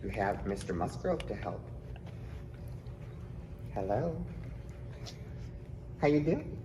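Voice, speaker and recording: A man's voice: lowish voice, slow, background noise. Playful, coaxing stage hypnotist man. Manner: playful, coaxing, bursts of excited exclamations. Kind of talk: playful live hypnosis demo. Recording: roomy echo.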